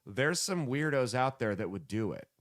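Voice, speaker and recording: A man hosting a casual comedy podcast, joking loosely and throwing in sudden loud bursts. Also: mid-range voice, very animated, normal speed. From United States. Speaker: podcast host.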